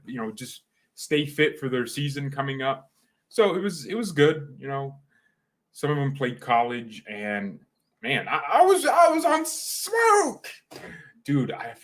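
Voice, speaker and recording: A young man chatting casually on a live stream, rambling and excitable, full of slang and quick restarts. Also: mid-range voice.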